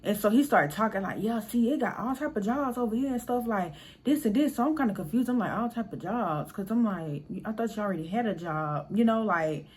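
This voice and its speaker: A young woman telling a casual storytime, animated, blunt and profane, talking straight to her viewers. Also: on the high side, fairly quick, hardly any pauses. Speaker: storyteller vlogger.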